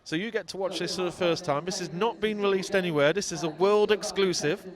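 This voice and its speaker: Male match commentator, bright high voice, excitable calls, crowd loud behind. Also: fairly quick. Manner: excitable, voice leaps up on goals. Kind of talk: live football commentary.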